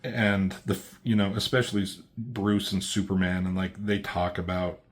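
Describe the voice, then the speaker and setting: A man's voice: sits low, level tone, moderate pace. A man casually recapping a comic book as a reviewer, rambling along with lots of fillers and a laid-back delivery.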